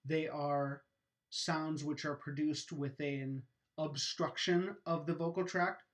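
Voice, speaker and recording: A man with a slightly raised voice delivers an educational lecture. He explains patiently and methodically, occasionally pausing on a filler before moving on. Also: fairly high pitch, little pitch movement.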